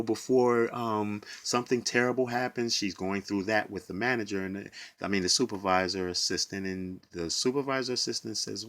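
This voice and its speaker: A man, a bus driver, recounting a personal ordeal in an emotional, halting monologue with repeated words. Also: lowish voice, fairly bright tone.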